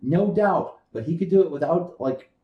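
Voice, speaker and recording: A man's voice: fairly high pitch, normal speed, dull audio. A young man co-hosting a podcast, arguing and teasing his friends in a casual chat. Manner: teasing, argumentative banter. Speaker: podcast co-host. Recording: roomy echo.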